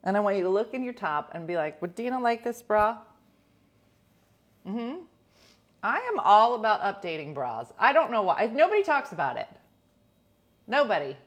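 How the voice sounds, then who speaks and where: A woman hosts a loose, jokey chat, reacting to her viewers. Her pitch swings widely, from loud mock-announcer calls down to murmured asides. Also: normal speed. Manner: jokey, animated, mock award-show announcing, trailing into quiet asides. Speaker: host. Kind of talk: casual chat, reading viewer comments.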